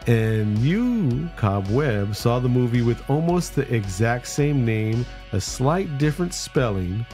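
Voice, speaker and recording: A man's voice: medium pitch, very animated, slow pace, warm tone, soft background music. A man with bronchitis co-hosting a horror movie podcast in casual, joking chat. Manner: joking, rambling, plugs socials. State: sick with bronchitis. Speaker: podcast co-host.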